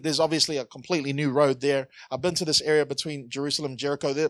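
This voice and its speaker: A man's voice: on the high side, dry recording. A man preaching a conversational sermon, joking and asking the congregation questions. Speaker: pastor.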